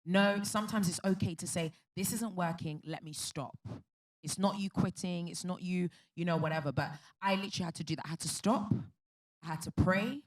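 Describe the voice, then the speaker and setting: Earnest lower-voiced woman on a panel. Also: a little fast. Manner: earnest, emphatic, faith-filled. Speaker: panel speaker. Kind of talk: candid personal storytelling.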